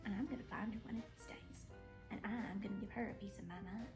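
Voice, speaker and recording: A woman's voice: medium pitch, quick pace, over music, lightly acted. A woman playing a vain, melodramatic jilted rich wife, swinging from prim bragging to shrieking theatrics. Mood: boastful, aggrieved. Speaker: reality show cast member being interviewed.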